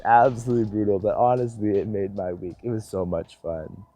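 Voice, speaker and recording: A young man in missionary training giving a casual vlog update, telling stories in an animated, self-deprecating way and acting out what people said. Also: on the low side, quick pace, hardly any pauses, faint music behind. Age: young adult. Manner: animated storyteller, self-deprecating, acts out quotes.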